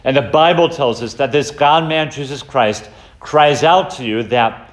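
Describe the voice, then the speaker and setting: A man preaching a sermon in an earnest, measured way, reciting scripture as he goes. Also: medium pitch.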